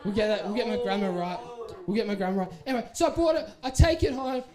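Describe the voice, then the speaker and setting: A man's voice: sits high, animated, quick pace, mellow. Young aussie guy telling a funny story at youth group, playful, acts out the people in it. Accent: Australian. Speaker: youth speaker.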